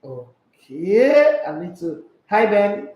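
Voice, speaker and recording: Nigerian guy hosting a sports stream, high voice, chatty, reads comments, pidgin here and there, roomy echo. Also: very animated, slow, lo-fi sound. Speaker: sports show host. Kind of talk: casual live-stream chat reading comments.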